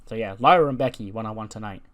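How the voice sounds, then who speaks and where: A man's voice: fairly low pitch, fast. A man casually narrating a wrestling simulation playthrough, chatty and full of fillers. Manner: chatty, filler-heavy, laughs now and then. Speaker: game narrator.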